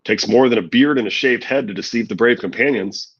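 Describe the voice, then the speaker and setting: A man's voice: medium pitch, fairly quick, husky, highs cut off, natural voice. A man reading aloud and voicing a cadaverous, coldly courteous sellsword leader. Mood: mock-polite.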